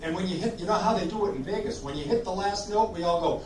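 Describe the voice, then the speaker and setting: A man's voice: sits high, fast talker, slight background noise. A man hosting a live oldies sing-along, chatting jokily between songs and coaxing the audience to join in. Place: community room at a senior living residence. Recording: roomy distant live recording with music.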